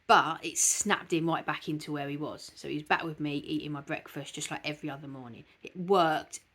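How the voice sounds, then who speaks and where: A woman's voice: sits low, steady tone, a little fast, fairly bright tone. A woman hosting a dog channel, talking earnestly and from the heart to her viewers, with frequent hesitations. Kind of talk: casual vlog talk to camera.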